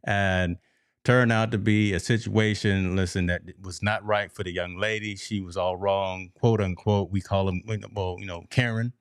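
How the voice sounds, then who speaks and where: A man's voice: low voice, fairly even intonation, moderate pace, clean tone, dry recording, clean studio sound. A man co-hosting a casual sports talk show, telling stories animatedly and addressing the listeners as folks. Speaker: podcast co-host.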